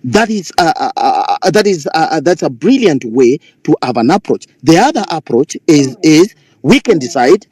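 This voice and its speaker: A man speaking up in a live online discussion, making a forceful rally-like political speech and arguing back when interrupted. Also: on the high side, very animated, normal speed, breathy edge, dry recording. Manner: rally-like, forceful, repeats himself, argues back when cut off. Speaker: caller in a live audio space.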